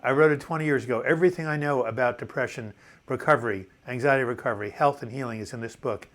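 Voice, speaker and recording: A man's voice: medium pitch, fast talker. A man of seventy hosting a casual live video chat, reading viewer comments aloud and answering them in a chatty, enthusiastic way, often restarting words. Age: 70s.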